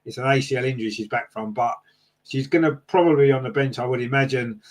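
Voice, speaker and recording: A man's voice: mid-range voice, quick pace. A man hosting a casual fan podcast, reading out live chat comments and answering them with lots of fillers and tag questions.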